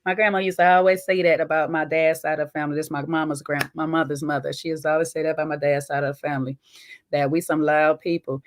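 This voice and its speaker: A woman hosting a casual reaction video, chatty and folksy, with loud, laughing asides. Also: sits low, steady tone, fast talker. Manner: chatty and folksy, calls viewers "child" and "baby".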